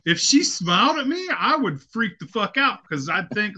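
A man's voice: sits high, big pitch swings, normal speed, bright, forceful tone. A man co-hosting a podcast in casual chat, laid-back and swearing freely. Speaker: podcast co-host. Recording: muffled lo-fi call audio with faint noise.

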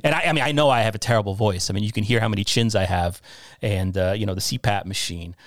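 Rambling, self-deprecating middle-aged host. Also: male voice, fairly low pitch, fast talker, no echo, clean studio sound. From New York area. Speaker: podcast host. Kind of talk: casual podcast talk.

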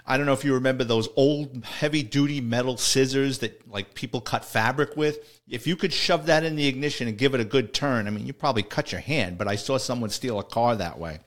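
A middle-aged man spins stories from his police days. His pitch sits in the middle of the male range. He rambles, restarts his sentences and chuckles as he goes. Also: fairly quick, hardly any pauses. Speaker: retired police officer. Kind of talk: casual storytelling.

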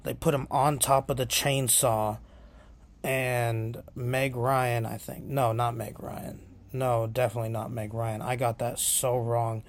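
A man's voice: medium pitch, level tone, a little slow. A man hosting his own podcast, rambling casually with many fillers. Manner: rambling, lots of filler ums. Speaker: podcast host.

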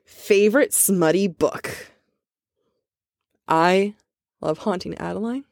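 A woman's voice: medium pitch, slow pace, creaky, darkish tone, no echo, clean studio sound. A woman co-hosting a podcast, tipsy, chatting casually and laughing a lot as she rambles. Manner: giggly, laughs often, rambling. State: drunk. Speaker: podcast co-host.

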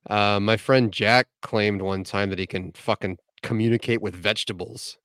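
A man co-hosting a casual podcast, setting up jokes deadpan and swearing casually. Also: on the low side, normal speed, no echo, studio quality. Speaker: podcast co-host.

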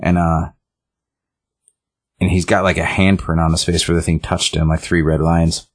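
Very low-voiced man recapping a comic in casual chat, rambling, full of fillers and restarts. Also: little pitch movement, moderate pace.

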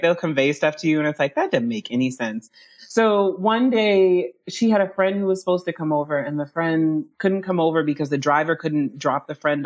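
Lively, laughing woman telling stories. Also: sits low, muffled recording. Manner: animated, laughs often, restarts sentences. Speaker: guest. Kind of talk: casual storytelling in a podcast interview.

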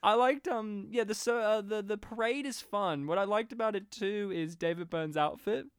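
A man with a high, smooth voice hosts a casual chat about a movie. He talks in an animated way and slips into quick impressions of the lines he quotes. The sound is dry and close. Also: dry recording. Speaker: podcast host. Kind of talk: casual film discussion.

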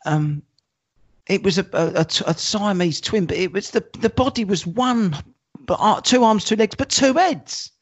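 A man co-hosting a podcast, chatting casually, excitable and swearing, often laughing. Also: sits high, normal speed, slightly rough, lo-fi sound. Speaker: podcast co-host. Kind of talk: casual banter.

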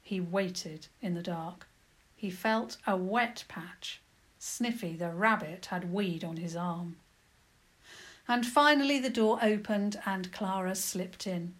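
A woman narrating a children's adventure story in a lively, expressive storytelling manner. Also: mid-range voice, takes it slowly.

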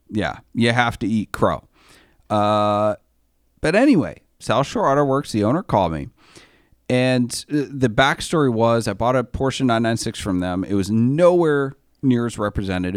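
A man's voice: lowish voice, no echo, studio quality. A man hosting a casual automotive talk show, telling stories in a blunt, joking way with casual slang. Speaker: podcast host. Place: podcast studio.

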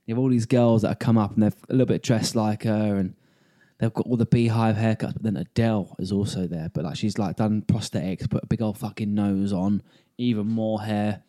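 A man, co-hosting a podcast, retelling something in casual, animated chat. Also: on the low side, a little fast. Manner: animated, laughing often. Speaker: podcast co-host.

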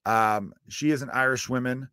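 A man's voice: mid-range voice, moderate pace, bright, forceful tone, clean tone, dry recording. An American man hosting his podcast, talking in a rambling, self-deprecating comedic monologue with plenty of swearing. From United States. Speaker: podcast host.

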